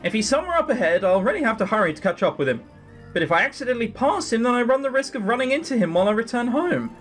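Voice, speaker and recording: A man's voice: extremely high pitch, big pitch swings, racing, a bit bright, faint music behind, exaggerated voice. A man voicing a tired, hopeful young servant girl who muses to herself, reading a visual novel game aloud. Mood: musing.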